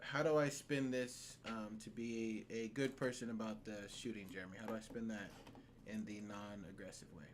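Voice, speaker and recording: A man hosting a casual podcast, talking in an animated, profane way and laughing often. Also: on the low side, normal speed, a little hiss or hum. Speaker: podcast host.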